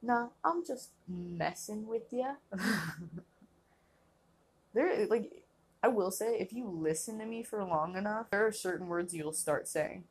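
A woman's voice: medium pitch, lively intonation, a little slow, slightly rough. A young woman hosting a casual solo podcast, rambling and laughing often, filling her talk with "like". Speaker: podcast host.

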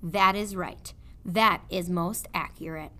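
A woman voicing a sly, smooth-talking male rat in a storybook read-aloud, soft, low and insinuating. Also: slow pace. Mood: smug.

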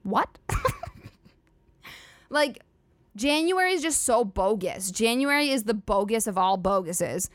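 A woman's voice: fairly high pitch, lively intonation, normal speed, no echo. A young woman hosting a solo comedy podcast, ranting in a chatty, sarcastic, profane way full of "like" fillers. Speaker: podcast host.

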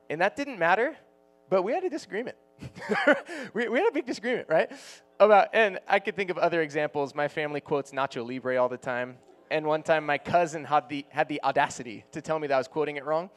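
A man in his thirties preaching a casual, joking sermon to students as their youth pastor, laughing often as he talks. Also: a little high.

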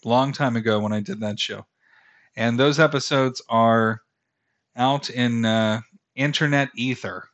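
A man's voice: mid-range voice, steady tone, a little slow, a bit bright, highs cut off. A man in his thirties hosting a fantasy podcast, talking casually in a rambling, self-deprecating way, full of fillers and restarts. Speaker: podcast host. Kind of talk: casual solo podcast commentary.

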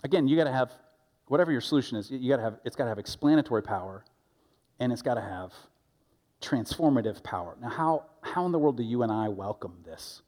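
A middle-aged man preaching a sermon as pastor, talking conversationally with lively asides and quick restarts. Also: medium pitch. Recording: loud music under the voice.

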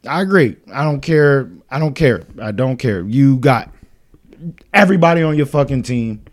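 A man in easy podcast chat, blunt and loud with his opinions. He swears freely and laughs often between points. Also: medium pitch, lively intonation, normal speed. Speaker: podcast co-host. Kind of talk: casual chat.

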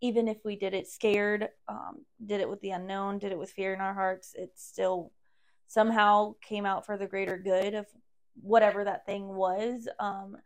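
A woman's voice: mid-range voice, flat delivery, moderate pace. A woman guest on a podcast, talking in casual chat with a blunt, sassy manner.

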